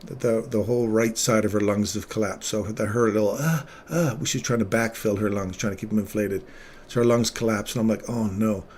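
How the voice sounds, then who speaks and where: A man's voice: on the low side, little pitch movement, fairly quick, a little mellow, slight background noise. Earnest man telling an emotional story. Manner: earnest, emotional storytelling, drops to near-whisper at tender moments. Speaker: livestream trading host, former paramedic. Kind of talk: casual livestream chat.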